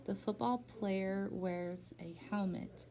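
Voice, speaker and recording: A woman's voice: mid-range voice, fairly even intonation, takes it slowly, mellow, a little hiss or hum. A young woman tutoring a child in phonics, patient and encouraging, guiding with questions. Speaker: reading teacher.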